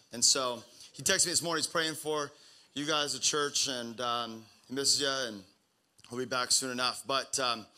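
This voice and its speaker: Young male pastor, slightly high, very bright tone, loose conversational sermon delivery with lots of ums. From Pacific Northwest US. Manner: casual, rambling with many fillers and restarts.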